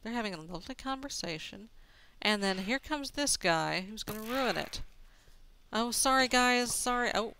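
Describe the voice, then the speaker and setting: A woman's voice: fairly high pitch, animated, moderate pace, pushed and bright, a little hiss or hum. A woman giving playful, chatty commentary while she plays a video game, talking to herself as she goes. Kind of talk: gameplay commentary.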